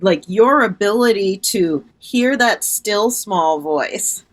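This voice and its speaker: A woman guest on a podcast, calmly and confidently explaining her ideas. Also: mid-range voice, takes it slowly, a little hiss or hum. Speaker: podcast guest, reiki practitioner. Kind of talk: explanatory interview talk.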